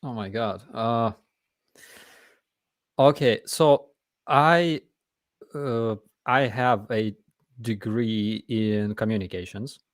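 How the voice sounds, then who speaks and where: A man, speaking bluntly and with emphasis as he hosts a live chat. His voice sits fairly low. The sound is close and dry. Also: slow pace, long pauses, no room sound. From Ukraine. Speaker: host.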